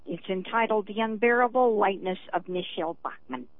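A woman's voice: mid-range voice, a little fast. A woman calling into a radio show, speaking emphatically with hesitant ums. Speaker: caller. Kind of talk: phone-in call. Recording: tinny phone line.

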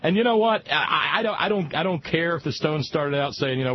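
A man's voice: fairly high pitch, animated, a little fast, a little hiss or hum. A man co-hosting a radio talk show, speaking in a wry, digressive way and reaching for quotes. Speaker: radio co-host. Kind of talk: casual music chat. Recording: slightly muffled radio broadcast.

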